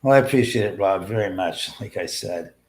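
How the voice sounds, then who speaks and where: A man hosting a live stream, swearing in frustration at technical glitches, swinging from muttering to shouting. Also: lowish voice, a little fast. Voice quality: loud profane outbursts, swinging from mutters to shouts. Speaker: livestream host. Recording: roomy echo, mic at a distance.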